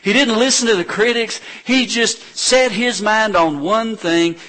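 A man preaching a sermon as a pastor, retelling scripture stories with animated delivery and acted-out voices of crowds. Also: sits high, unhurried, few pauses. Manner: animated storytelling preacher, acting out crowds with shouts.

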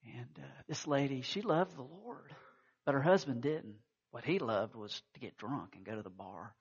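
A man's voice: medium pitch, lively intonation, normal speed, husky, muffled recording. A man preaching a sermon, telling stories with acted-out quotes and frequent restarts. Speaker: pastor.

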